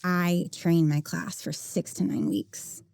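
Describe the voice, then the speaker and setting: A woman's voice: fairly low pitch, level tone, slow pace, vocal fry, darkish tone, smooth, no room sound, clean studio sound. A woman teacher co-hosting a casual podcast, giggly and self-deprecating as she explains her classroom habits.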